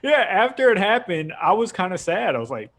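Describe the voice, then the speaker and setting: A man's voice: high voice, big pitch swings, brisk, a bit bright. A young man hosting a casual podcast, rambling through a long story with frequent laughs. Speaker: podcast host. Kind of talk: casual chat.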